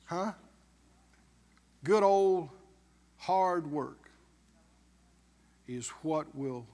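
A man's voice: fairly high pitch, big-room sound. A man preaching a sermon as pastor, emphatic, with call-and-response questions to the congregation.

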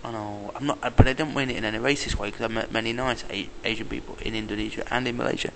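English guy venting in his video diary, gravelly voice, lots of noise behind. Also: lowish voice, fairly even intonation, fast talker. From England. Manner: angry ranting, swearing under breath. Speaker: vlogger. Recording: noisy outdoor camera audio.

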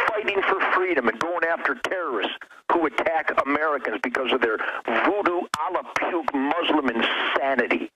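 A middle-aged man thunders through a passionate talk radio rant, fiery and emphatic like a preacher. His voice sits a touch high for a man, and a steady hiss with clicks rides under it on the line. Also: moderate pace. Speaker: radio show guest.

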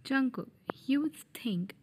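Lady doing a possessive young mafia heir, teasing and whispery, fan audio drama, slow. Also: high voice, lively intonation, a little mellow, a little hiss or hum.

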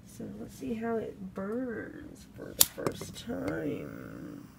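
A woman's voice: medium pitch, wildly swooping pitch, drawn-out words, gravelly, very noisy. A young woman, chatting casually at home into a phone camera while she thinks aloud. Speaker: vlogger reviewing a candle. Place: home room.

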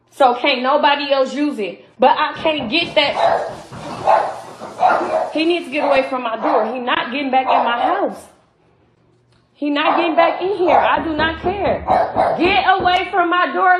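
A woman's voice: sits high, measured pace. Upset woman venting in an echoey room. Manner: upset, repetitive, talks to viewers directly. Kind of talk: casual venting to camera. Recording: echoey room with loud noise.

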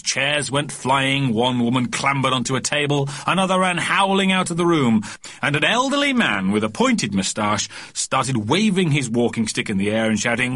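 A man narrating a children's storybook audiobook with a lively, expressive reading. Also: medium pitch, normal speed, no echo.

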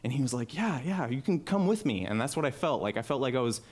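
Animated man telling a story on stage. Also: mid-range voice, fast talker. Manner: animated, acts out quoted voices. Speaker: conference speaker. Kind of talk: personal storytelling talk. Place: talk venue with live audience. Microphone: headset mic.

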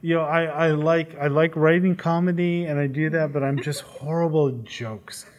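A man answering interview questions about designing games, in a relaxed, rambling way with self-deprecating asides. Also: fairly high pitch, normal speed. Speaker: game designer.

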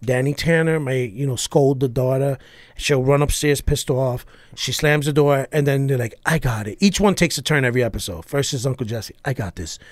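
A middle-aged man, a comedian guest, telling stories in a profane, animated, punchy way. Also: mid-range voice, fairly quick, no room sound. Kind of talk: casual storytelling chat.

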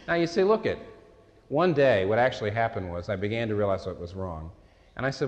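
A man's voice: mid-range voice, very animated, quick pace, a little mellow. A man preaching a sermon in a conversational, storytelling way, often restarting his sentences. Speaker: pastor. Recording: echoey hall recording.

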